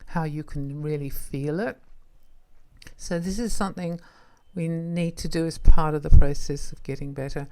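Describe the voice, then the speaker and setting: A woman hosting a self-help podcast, talking straight to the listener in a gentle, reassuring way. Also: deep voice, normal speed. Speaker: podcast host.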